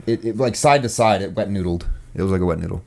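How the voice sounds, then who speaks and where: Podcast host, upper midwest accent, very low voice, loose rambling delivery. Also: male voice, fast, gravelly, darkish tone. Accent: upper Midwestern American. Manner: rambling, lots of filler words. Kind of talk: casual podcast chat.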